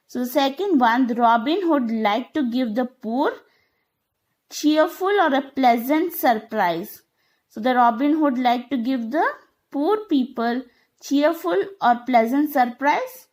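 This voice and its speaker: A woman teacher going through a grammar lesson, often repeating herself and asking "okay?", with non-native English phrasing. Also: on the high side. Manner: slow, repetitive, checks understanding with "okay?". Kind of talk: online classroom lesson.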